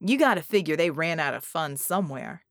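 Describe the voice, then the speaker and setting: A woman voicing a sarcastic male shapeshifting genie hero with quick, mocking remarks, in an audiobook. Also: sits low, animated, dry recording, studio quality, pitched below the performer's own voice. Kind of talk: audiobook character voice.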